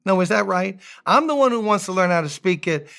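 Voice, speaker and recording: A man with a rather high, smooth and resonant voice gives a devotional sermon as a pastor. He keeps it casual and conversational, with joking asides, and reads scripture passages aloud between them. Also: animated, brisk, pushed and bright.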